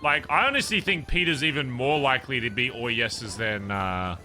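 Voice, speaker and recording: A man's voice: medium pitch, moderate pace, sharp tone, soft background music. An English man streaming a roleplay game, rambling and joking at himself with his viewers. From England. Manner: rambling, self-mocking, laughs at own remarks. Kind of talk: casual chat to stream viewers.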